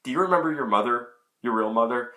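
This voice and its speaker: A man quoting an earnest, determined young male hero in a hushed version of his own voice. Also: mid-range voice, expressive, fast.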